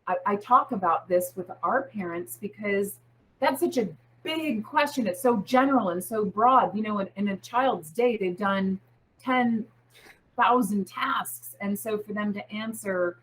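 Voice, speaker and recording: A woman who leads a school, speaking as an interview guest and patiently explaining things in an advising tone. Her voice has a slightly husky edge at an average pitch for a woman. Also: normal speed, low-quality recording. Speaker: school head.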